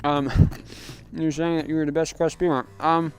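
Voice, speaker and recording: A man's voice: a little high, little pitch movement, normal speed, clean tone, soft background music. A young man chatting casually on a livestream, rambling with lots of fillers while answering chat. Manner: rambling, filler-heavy, reads chat aloud. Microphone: clip-on magnetic microphone.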